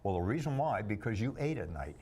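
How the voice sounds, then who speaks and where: A low-pitched man tells jokey stories as a talk-show guest, dropping into other voices for the people in them. He wisecracks between his tips and keeps the tone light. A faint hiss sits under the recording. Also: very animated, brisk, dark tone. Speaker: bodybuilder and entertainer guest. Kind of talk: joking talk-show storytelling.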